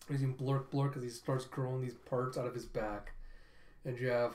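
A man excitedly recapping and reacting to a comic chapter in a rambling, casual way. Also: mid-range voice, normal speed. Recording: roomy echo.

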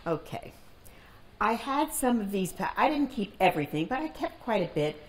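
A woman in her nineties being interviewed, telling family stories in a calm, deliberate way in a library reading room. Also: medium pitch, a little hiss or hum. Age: 90s. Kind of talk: storytelling in an oral history interview.

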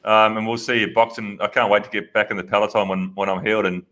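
Bright, low-voiced man, swearing cheerfully. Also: level tone, quick pace. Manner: enthusiastic, swears freely. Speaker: podcast co-host. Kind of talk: casual podcast banter.

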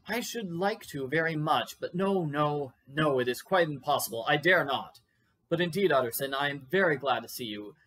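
A man's voice: animated, normal speed, sharp tone. Man reading as a dreary, gloomy doctor. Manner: dreary, low and sad. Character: melancholy Victorian doctor, gloomy and withdrawn.

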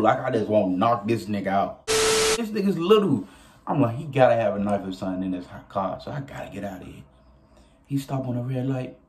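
A young man telling a story casually to his viewers, animated and profane, often laughing as he goes. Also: medium pitch. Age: young adult. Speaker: vlogger.

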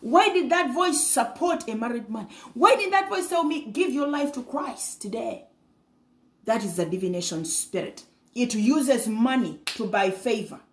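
A woman's voice: fairly high pitch, expressive, a little slow, echoey room. A woman preaching a fervent sermon, breaking in with hallelujah and sometimes stumbling over her words.

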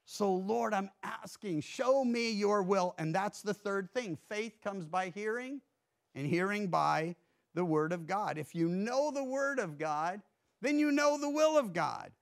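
A man pastor preaching a sermon in a church, earnest, swinging between emphatic rises and hushed drops. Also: high voice, expressive, unhurried, vocal fry.

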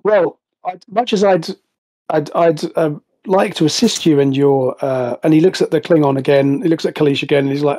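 A man's voice: fairly high pitch, moderate pace, darkish tone. A man narrating as game master of a tabletop game over a voice call, rambling and restarting often. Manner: rambling, many restarts and fillers. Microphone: voice call headset.

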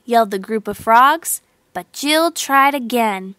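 A woman tells a children's story in a slow, expressive way. Her voice is high and bright. The sound is close and dry. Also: no echo. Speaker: narrator. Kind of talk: storybook narration translated from sign language.

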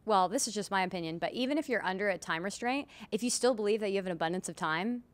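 A woman's voice: medium pitch, expressive, quick pace. A woman guest on a casual podcast, speaking earnestly and motivationally, thinking aloud about mindset. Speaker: musician guest. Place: room in Nashville.

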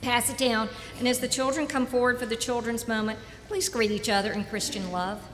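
A woman's voice: a little high, steady tone. Formal woman speaking in a roomy sanctuary. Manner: measured, formal. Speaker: worship leader giving announcements. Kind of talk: liturgical announcements. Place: church sanctuary. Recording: roomy church with long reverb, faint noise.

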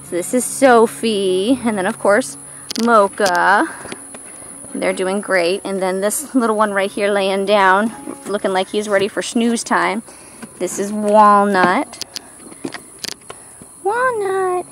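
A woman giving a casual farm tour as a vlogger, often switching to a high, cooing baby-talk voice for the animals. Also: fairly even intonation, slow pace, fairly bright tone. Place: outdoors on a farm. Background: background music.

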